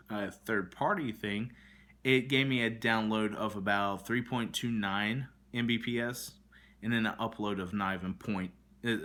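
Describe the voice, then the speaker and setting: Indoors in his kitchen at home, a man vlogs a frustrated rant to camera. His voice is lowish and sharp in tone, and the story he tells is full of fillers and restarts.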